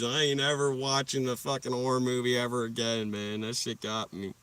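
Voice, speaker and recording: This livestream host is a young man whose mid-range voice is clear, resonant and fairly bright, delivered at a slightly quick clip with a level tone. In a dry recording, picked up a little far from the microphone, he meanders through excited, foul-mouthed anecdotes and urges the audience to like and subscribe.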